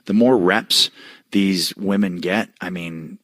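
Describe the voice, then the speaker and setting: A man's voice: low voice, slow pace, a bit bright, no room sound, studio quality. A man co-hosting a podcast, talking loosely about wrestling with lots of fillers and restarts. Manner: rambling, loose, full of fillers. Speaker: podcast co-host. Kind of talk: casual wrestling talk.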